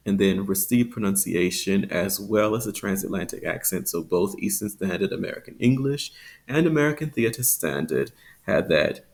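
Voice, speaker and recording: A man teaching phonetics, explaining with frequent ums and slowly demonstrating example sounds. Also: deep voice, vocal fry. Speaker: accent teacher.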